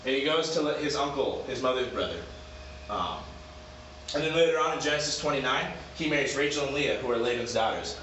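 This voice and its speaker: A man's voice: mid-range voice, fairly quick, a bit bright, slight background noise. A man casually retelling a Bible story as a lesson leader. He is chatty, digresses, and corrects himself often. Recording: echoey room, slightly dull.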